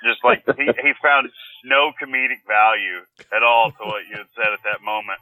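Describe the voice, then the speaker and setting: A man's voice: medium pitch, normal speed, sharp tone, no room sound, rough recording. A man co-hosting a casual interview show, bantering loosely and laughing along. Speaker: podcast co-host.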